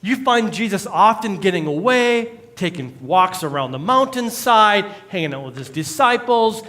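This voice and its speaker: A man's voice: high-pitched, expressive, moderate pace, pushed and bright. A male pastor, preaching a conversational sermon with jokes and acted-out quotes in a church. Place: church sanctuary.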